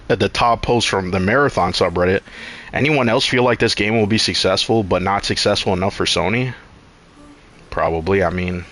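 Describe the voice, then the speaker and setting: Excitable young man telling a story. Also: sits low, a little hiss or hum. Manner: loose, profane and rambling, often acting out his own lines. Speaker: streamer. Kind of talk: casual live-stream storytelling.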